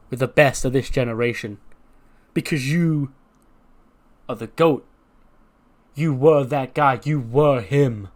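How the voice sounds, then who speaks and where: Brief: cocky young male wrestler, man voicing him, slow taunting emphasis. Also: mid-range voice, close to an everyday voice.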